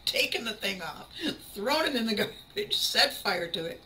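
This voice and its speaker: A woman hosting a motivational podcast, animated and emphatic, often laughing and acting out what other people say. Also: mid-range voice, normal speed, slight background noise, poor audio. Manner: acts out quoted people in a shifted voice. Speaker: podcast host. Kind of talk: motivational talk.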